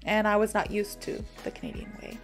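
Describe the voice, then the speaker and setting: A young American woman from Florida, an English teacher telling a casual story to teach an idiom, animated and laughing often as she acts out the people in it. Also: mid-range voice, fairly quick, soft background music. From Florida, USA.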